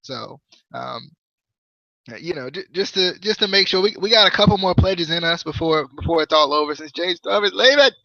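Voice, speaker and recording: A man hosting a podcast, chatting casually and jokily about a wrestling show in a rambling, animated way. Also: sits high, normal speed, creaky, no room sound, dull audio. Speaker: podcast host. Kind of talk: casual wrestling review chat.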